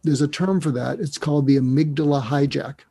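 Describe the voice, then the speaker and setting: A man's voice: fairly high pitch, a little fast, vocal fry, dark tone, slightly rough. A man talking as a psychiatrist guest on an interview show, explaining ideas earnestly and step by step, reflective in tone. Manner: earnest, reflective, walks through steps one by one; emotional when recalling a mentor.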